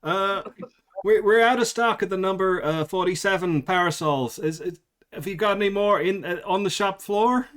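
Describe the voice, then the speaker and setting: A man's voice: moderate pace, a bit bright. A man voicing an overly friendly teenage girl working in a shop, with a put-on American accent and a stammer. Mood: chirpy. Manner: chirpy, raised pitch, stammering.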